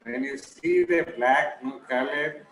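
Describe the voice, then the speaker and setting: A man's voice: a little high, slow pace, gravelly. A man with an Indian English accent giving an informal lecture, telling stories and acting out the quoted voices. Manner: animated storytelling, acts out quoted voices. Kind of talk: informal lecture on stress and self-talk. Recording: echoey room, noisy background.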